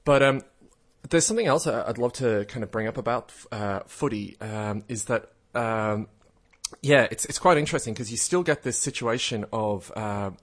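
A man's voice: mid-range voice, normal speed. A man, co-hosting a casual chat and telling stories, hesitant with many fillers. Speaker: podcast co-host.

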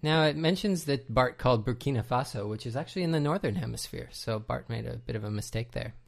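A man's voice: mid-range voice, expressive, fast, gravelly. A man co-hosting a casual podcast, explaining trivia in detail with frequent hesitations. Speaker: podcast co-host. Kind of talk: casual commentary chat.

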